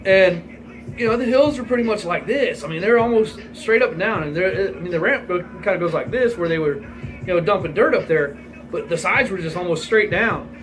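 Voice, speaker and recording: A man in his forties spins a rambling, profane yarn, chuckling often. His voice sits high and bright. Faint music plays behind him. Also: lively intonation, moderate pace, low-quality recording. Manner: rambling, profane, laughs through the story. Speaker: vlogger. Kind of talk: casual storytelling.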